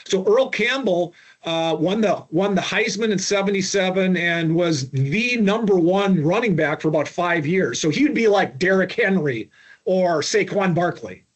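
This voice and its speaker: A man's voice: high voice, lively intonation, normal speed. A middle-aged man from Minnesota, a podcast guest telling long stories with lots of restarts and fillers. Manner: rambling anecdotes with many restarts and fillers. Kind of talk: storytelling interview.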